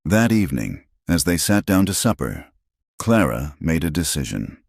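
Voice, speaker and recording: A man narrating a western story in a steady, scripted storybook style. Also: a bass voice, moderate pace, gravelly, no echo, studio quality.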